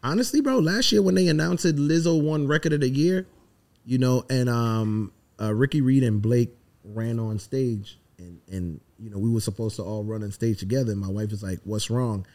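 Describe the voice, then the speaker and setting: Brief: middle-aged man from the Virgin Islands, emphatic, heartfelt, slangy guest, mid pitch. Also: moderate pace, darkish tone. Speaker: songwriter guest. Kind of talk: casual podcast interview.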